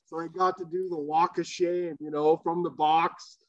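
On the higher side and at a moderate pace, this man, once a professional hockey player, trades casual, laughing, curse-laden anecdotes as a podcast guest. There's no echo, though the sound is lo-fi.

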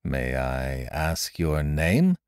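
A man's voice: a bass voice, big pitch swings, extremely slow, darkish tone, smooth, no echo, clean studio sound, voice pushed down, exaggerated voice. A man voicing a severe middle-aged surgeon who speaks bluntly and emphatically. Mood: stern.

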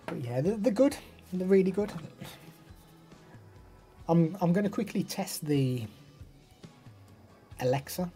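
A man's voice: sits high, expressive, takes it slowly, long pauses, mellow, faint music behind. A young man chatting casually on a live stream, rambling and answering chat messages.

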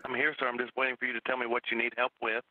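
A man's voice: mid-range voice, monotone, rapid-fire, dry recording. A man working as a police dispatcher, curt and exasperated with the caller. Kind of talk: phone call. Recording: tinny phone line.

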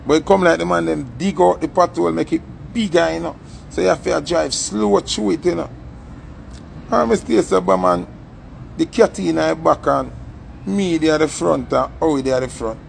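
Jamaican man, gravelly voice, pitched a bit high, casual animated storytelling. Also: normal speed, a little hiss or hum. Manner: animated, acts out the story's voices, patois-heavy. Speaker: entertainer telling a story.

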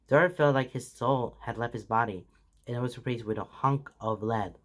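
A man's voice: mid-range voice, brisk. A man reading fan fiction aloud in a casual storytelling manner.

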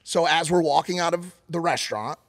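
A man co-hosting a podcast, telling a story in a casual, animated and profane way, acting out shouted quotes. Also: a little high, a little fast. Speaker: podcast co-host. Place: podcast studio.

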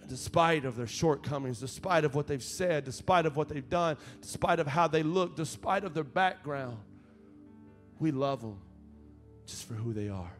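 Fervent young pastor preaching over music. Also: male voice, a little high, normal speed. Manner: conversational storytelling, rising to fervent appeals. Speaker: associate pastor. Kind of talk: sermon. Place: church sanctuary.

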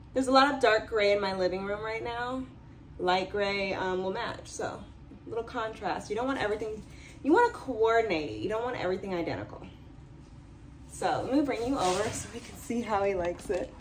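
A young woman talking casually to camera in her home as a vlogger, chatty and animated. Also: on the high side, normal speed, far from the mic, a little hiss or hum. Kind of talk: casual vlog chat to camera.

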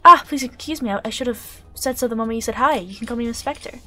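A woman's voice: on the high side, fast talker, sharp tone. A woman voicing a polite, kindly science teacher in a daycare game.

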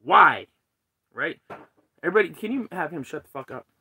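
Guy ranting on a live vlog from his tent, sharp bright voice, swearing nonstop, fed up. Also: a little high, lively intonation, very fast, slightly rough. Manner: heated, profane, ranting. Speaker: cannabis vlogger. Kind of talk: live-stream rant. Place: tent under a carport.

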